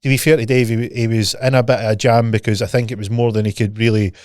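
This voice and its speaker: A man's voice: mid-range voice, fast, no echo, studio quality. A Scottish man co-hosting a podcast, telling stories in casual chat, swearing freely and acting out both sides of a conversation. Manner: animated storyteller, swears freely, acts out dialogue. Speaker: podcast co-host.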